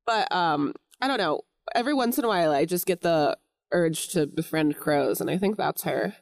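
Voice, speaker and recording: Playful woman with a lively voice. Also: on the low side, no echo, clean studio sound. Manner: playful, joking, quick quips and laughs. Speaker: podcast co-host. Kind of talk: casual chat.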